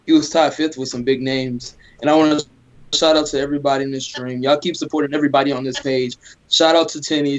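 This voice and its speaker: A man co-hosting a casual sports talk stream, reeling off eager shout-outs. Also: a little high. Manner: eager shout-out roll call. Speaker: co-host. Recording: dull lo-fi audio.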